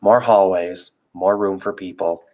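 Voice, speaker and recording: A man with a deep, low voice reads a children's novel aloud. His first-person narration is calm and steady. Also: measured pace, poor audio. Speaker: reader.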